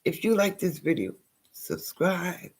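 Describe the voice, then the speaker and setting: A woman vlogger giving an impassioned personal monologue, swinging between loud outbursts and hushed whispers and repeating phrases for emphasis. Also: fairly low pitch, big pitch swings, unhurried.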